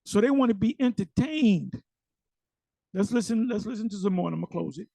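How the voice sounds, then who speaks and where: Gravelly, high-pitched man commenting. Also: expressive, a little fast, warm tone, no echo. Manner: emphatic, repeats words, slangy. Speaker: commentator reacting to a sermon video. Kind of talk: casual video commentary.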